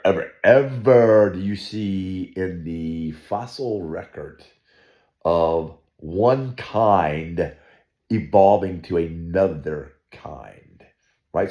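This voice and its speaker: A man's voice: low voice, darkish tone, reverberant. A man teaching a Bible study, emphatic and opinionated, repeating himself for effect. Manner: emphatic, opinionated, ranting with repetitions.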